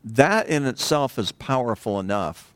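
This male pastor delivers his sermon at a measured pace in a relaxed, conversational style, frequently pausing to pose rhetorical questions to the congregation. His tone is clean, and his widely varying pitch gives the talk an animated feel. The recording is dry and close-miked, with almost no room echo.

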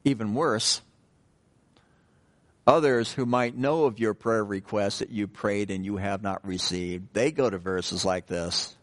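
A man's voice: lowish voice, steady tone, unhurried. A man preaching a sermon in a conversational way, with joking asides and stressed key words.

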